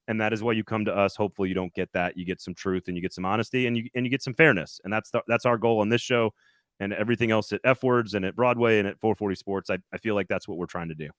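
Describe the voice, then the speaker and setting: Casting: deep-toned guy, dry close mic, chatty sports host who rambles and laughs often. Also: fairly even intonation, fast, fairly bright tone, no room sound. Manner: rambling, restarts a lot, laughs easily. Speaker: podcast co-host reporting from media days. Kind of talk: casual sports chat.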